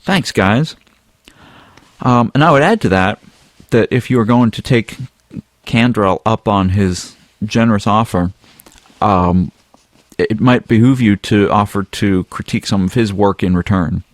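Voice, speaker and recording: A man hosting a casual podcast, reading a listener's email aloud in a relaxed, rambling way. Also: on the low side, unhurried, dry recording, studio quality. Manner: relaxed, rambling, with some filler words. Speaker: podcast host.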